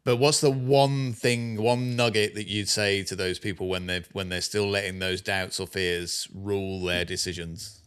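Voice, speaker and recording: Smooth low-voiced co-host. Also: male voice, level tone, fairly bright tone. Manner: halting, many restarts, encouraging. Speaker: podcast co-host. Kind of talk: encouraging interview talk.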